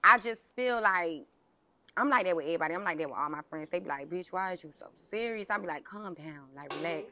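A woman's voice: on the low side, sharp tone, no echo. A young woman talking as a guest in a casual chat, blunt and cursing freely as she tells stories. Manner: blunt, heavy cursing, drawn-out storytelling.

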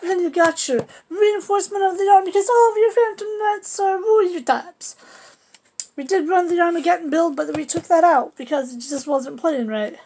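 Woman, high voice, casual deck walkthrough, cheeky trash talk and silly sound effects. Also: darkish tone. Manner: playful, trash-talking, with goofy sound effects. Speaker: card game deck presenter. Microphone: camera on a table.

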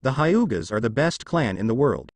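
A man's voice: medium pitch, big pitch swings, normal speed, no echo. A man doing a bragging young clan fighter. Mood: boastful. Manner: bragging, ranting.

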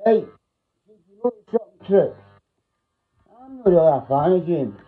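A man's voice: high-pitched, expressive, normal speed. A middle-aged Scottish man chatting on a livestream in a rambling, blunt way, swearing freely. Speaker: livestream host. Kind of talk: casual rambling chat. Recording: tinny phone-like sound.

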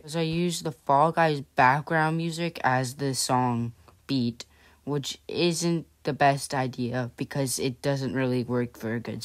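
A chatty vlog host with a mid-range voice, neither high nor low. The talk is loose and offhand, full of "and yeah" and "honestly" as it rambles through a casual recap. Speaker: channel host.

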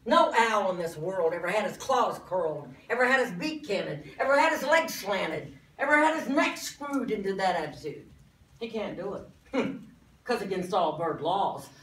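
A woman's voice: medium pitch, expressive, normal speed, echoey room, far from the mic, slight background noise, close to an everyday voice, rough recording. A woman voicing an indignant know-it-all young man. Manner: lecturing, exasperated, theatrical. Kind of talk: dramatic poetry recitation.

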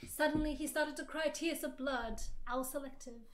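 A woman streamer reading fan fiction aloud for laughs, with theatrical, loud, overblown quotes. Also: high-pitched, steady tone, normal speed.

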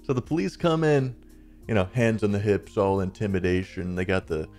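At a moderate pace and in a low, darkish voice, the man in his twenties who hosts the channel shares a personal story over gameplay in a rambling, conversational way full of "like" and "dude." Soft music plays in the background.

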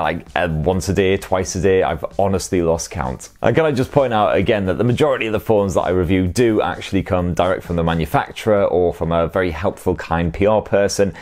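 A man's voice: low-pitched, a little mellow. A man from Sunderland with a Northeast English accent, hosting a casual tech Q&A with cheeky, sweary jokes. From Sunderland, North East England. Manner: cheeky, sweary, jokey asides. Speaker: tech show host. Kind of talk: casual viewer Q&A.

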